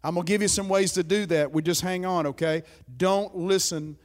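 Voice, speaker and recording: A man's voice: high-pitched, fairly even intonation, normal speed. A pastor preaching a sermon in an emphatic, conversational way, often checking in with his listeners.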